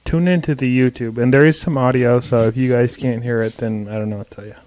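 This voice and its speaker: A man's voice: mid-range voice, fairly even intonation, fast talker, a little mellow. A man hosting a barbecue podcast, chatting casually and agreeably, often checking in with "right?". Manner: agreeable, easygoing, says "right?" a lot. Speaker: podcast host. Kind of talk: casual chat.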